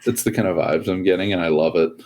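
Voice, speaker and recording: A man co-hosting a casual gaming podcast, relaxed and joking, a little sleepy and yawning as he acts out other players. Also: sits low, fast. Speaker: podcast co-host.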